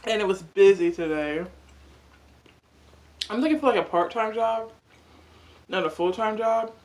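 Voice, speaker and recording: Animated yet unhurried, this young woman's mid-range voice has a slightly mellow quality. As a mukbang vlogger, she chats while eating, rambling casually with lots of "like."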